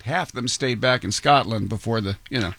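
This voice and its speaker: A man's voice: mid-range voice, a little fast, a bit bright, no echo. A man hosting a radio morning show, chatting and reading odd news stories with frequent chuckles and stumbling restarts. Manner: chuckling, jokey, trips over words and restarts. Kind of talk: casual on-air banter and news reading. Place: radio studio.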